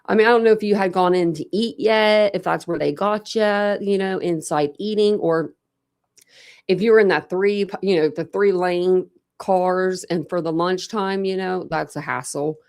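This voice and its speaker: In a clean, fairly low, slightly mellow voice at normal speed, a young Ohio woman welcomes viewers to her true crime livestream. A dental retainer affects how she talks. She chats casually and rambles, often saying "like."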